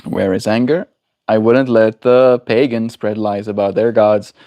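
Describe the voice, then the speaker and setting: A man's voice: on the low side, fairly even intonation, a little slow, dull audio. A man streaming live, musing in a casual way and answering his chat's questions. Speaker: daily livestreamer. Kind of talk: casual livestream chat with viewers.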